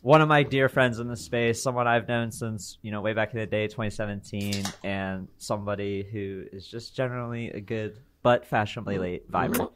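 A man's voice: fairly low pitch, steady tone, moderate pace, hardly any pauses, noisy background. Teasing male podcast host. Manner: teasing, joking. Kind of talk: casual chat.

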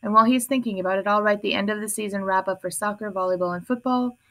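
A woman's voice: mid-range voice, quick pace, fairly bright tone, close to an everyday voice. A woman voicing a mocking teen boy, sarcastic, joking, audiobook dialogue.

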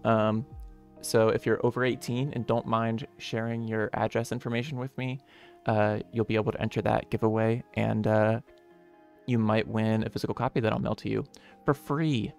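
A man hosting a casual live stream. He greets viewers one by one in an upbeat, friendly way, with playful, softly self-mocking asides. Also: lowish voice, little pitch movement, moderate pace, gravelly. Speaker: streamer and game developer. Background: faint lo-fi music.

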